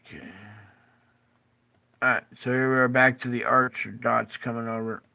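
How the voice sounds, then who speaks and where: Gravelly-voiced tired man rambling. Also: mid-range voice, level tone, normal speed, sharp tone. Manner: rambling, jokey and self-interrupting. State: tired, yawning. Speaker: show host. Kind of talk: casual commentary over maps.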